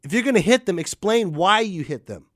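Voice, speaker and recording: Crude, ranting man with a high voice. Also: brisk, no echo, clean studio sound. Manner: crude, animated ranting with mocking put-on voices. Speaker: podcast host. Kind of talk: ranting monologue.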